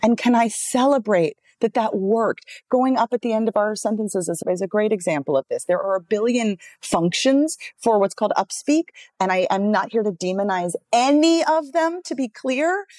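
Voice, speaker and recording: A woman in her thirties, a voice coach and author, talking in a relaxed interview and telling stories with lively swings in pitch. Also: normal speed, hardly any pauses, no room sound. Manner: animated storytelling, wide pitch swings, expressive. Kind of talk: casual interview conversation.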